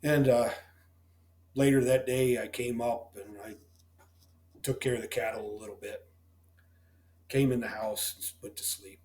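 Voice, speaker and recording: A middle-aged man with a drawl, talking in a plainspoken, folksy way about life on his farm. His voice sits at an ordinary pitch for a man. It carries a roomy echo around it. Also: fairly even intonation, unhurried, pauses often, a little mellow. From Missouri. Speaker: dairy farmer guest. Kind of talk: heartfelt storytelling in a podcast interview.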